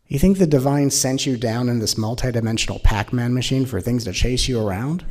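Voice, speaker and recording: A man giving an animated, playful spiritual talk as a teacher, often slipping into mocking voices. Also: mid-range voice, a little fast, hardly any pauses.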